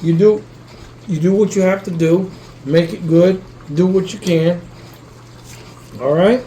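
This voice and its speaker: Cooking in his kitchen for a casual vlog, a man with a high, warm voice talks a little slowly, addressing viewers directly. He rambles, swears casually and keeps asking "you know what I mean." The recording is rough, with slight background noise.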